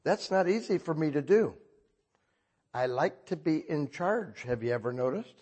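An older man preaching a sermon in a husky voice, talking conversationally and asking the congregation frequent questions. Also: on the high side, animated, moderate pace, a little mellow. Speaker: pastor.

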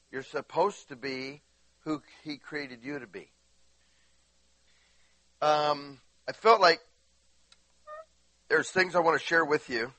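A man's voice: medium pitch, sharp tone, no room sound. A man preaching a casual, rambling sermon to a church, often asking the congregation questions. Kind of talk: conversational sermon. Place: church sanctuary.

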